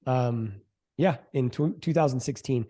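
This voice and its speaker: A middle-aged man, a real estate investor, telling the story of his first deal in a casual interview, animated and quick to act out what others said. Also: mid-range voice. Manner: animated storyteller, acts out quoted voices, fillers like "um" and "like".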